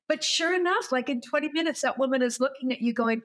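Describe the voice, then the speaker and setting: A woman's voice: high-pitched, a little fast, hardly any pauses, a bit bright. An older woman hosting an interview, telling stories in an enthusiastic, conversational way. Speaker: host.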